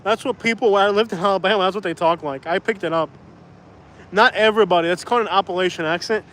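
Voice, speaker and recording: A man's voice: sits high, fast talker, fairly bright tone. A man chatting casually on a livestream, rambling and laughing as he talks. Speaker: vlogger, livestream host.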